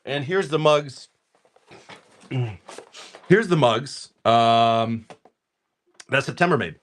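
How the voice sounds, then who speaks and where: A young man casually chatting and joking on a live stream as he opens card packs and reads out the names of the cards. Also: medium pitch. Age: young adult. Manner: jokey, rambling, reads card names aloud in quick lists.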